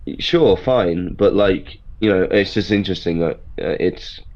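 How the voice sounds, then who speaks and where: Laid-back low-voiced man, lo-fi sound. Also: unhurried, a little mellow. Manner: laid-back, short agreements, observant asides. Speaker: podcast co-host. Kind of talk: casual review chat. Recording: dull lo-fi audio.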